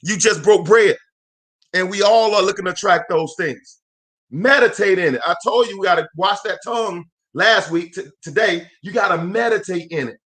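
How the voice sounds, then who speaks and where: In a live motivational talk given by himself in a room, this host speaks in a high voice at normal speed. He is emphatic and full of energy, repeating phrases and hailing viewers as a preacher would.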